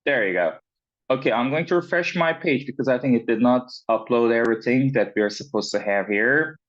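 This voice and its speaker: A man teaching pronunciation in an online class, talking slowly with many fillers, repeats and checks of "right?". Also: medium pitch, a bit bright. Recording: dull, lo-fi sound.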